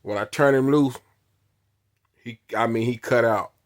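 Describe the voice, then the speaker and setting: A man's voice: medium pitch, measured pace. A man telling a story in casual speech, with blunt, repeated phrasing, acting out the dialogue as he goes. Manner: acts out dialogue with many quoted lines; repetitive, blunt, punchy phrasing. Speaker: storyteller recounting his past.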